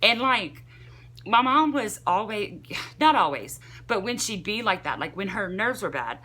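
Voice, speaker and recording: A young woman vlogger telling a casual, rambling story, animated and full of "like" fillers. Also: medium pitch, measured pace.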